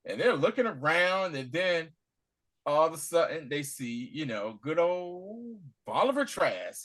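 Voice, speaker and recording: Man, casual recap, animated, bright, jumps up to shouted quotes. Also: a little high. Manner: animated retelling with quick voiced quotes and laughs. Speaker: podcast co-host.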